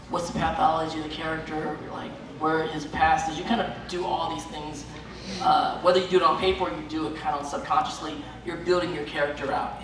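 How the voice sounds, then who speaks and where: Male actor panelist, earnest teacher tone, distant mic, clear background noise. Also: fairly high pitch, very echoey. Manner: earnest, instructive. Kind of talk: convention panel talk. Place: large convention panel room.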